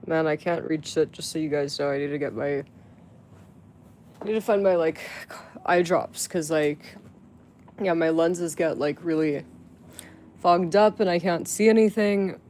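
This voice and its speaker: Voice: medium pitch, measured pace, pauses often, darkish tone, a little hiss or hum. A live streamer chatting casually to viewers, rambling with many fillers and restarts, swearing freely. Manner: crude, profane outbursts at chat.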